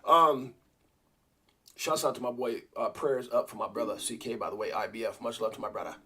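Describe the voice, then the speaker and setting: A man's voice: medium pitch, fairly quick, sharp tone, slightly rough. A man hosting a casual live stream, talking in a rambling way with many restarts and repeated words, and speaking directly to viewers and a co-host. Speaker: crypto livestream host.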